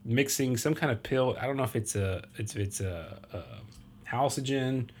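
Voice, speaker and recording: A man's voice: medium pitch, lively intonation, moderate pace, a little mellow, husky. A man hosting a podcast, retelling a film plot in a casual, rambling way with lots of fillers and acted-out quotes. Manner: rambling, many fillers and restarts, acts out quotes. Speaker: podcast host.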